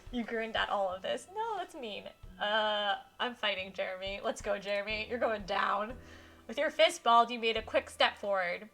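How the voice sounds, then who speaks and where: Brief: woman game streamer, bright tone, fairly high voice, giggly read-aloud, faint music behind. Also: moderate pace. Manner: giggly, animated, reads text aloud and reacts. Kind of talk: live-streamed visual novel playthrough, reading aloud.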